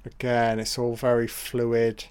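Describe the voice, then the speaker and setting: A man's voice: medium pitch, monotone, slow pace, darkish tone, clean tone. A man giving a casual, crude running commentary on a film, swearing and reacting aloud.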